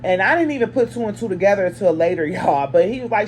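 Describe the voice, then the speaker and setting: Animated woman telling a story. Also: fast talker, slight background noise. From lives in Arizona. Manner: animated, acts out dialogue with sharp pitch jumps; blunt and chatty, talks straight to viewers. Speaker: storyteller and mother. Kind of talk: casual storytime to camera.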